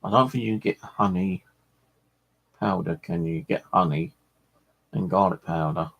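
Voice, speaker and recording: A man's voice: low-pitched, normal speed, gravelly, highs cut off. A middle-aged man, chatting casually as the host of a fishing channel and telling rambling stories while swearing freely.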